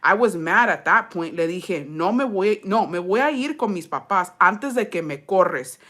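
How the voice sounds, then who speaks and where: A woman's voice: fairly low pitch, animated, normal speed, fairly bright tone. A young woman reading a storytime aloud in slangy, profane English with Spanish mixed in, breaking off to laugh and comment.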